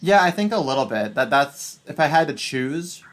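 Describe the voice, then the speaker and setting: An American man hosting a channel, chatting casually in a brash, sweary way with frequent laughs and halting restarts. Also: a little high, very animated, a bit bright. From United States. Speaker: channel host. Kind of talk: casual chat.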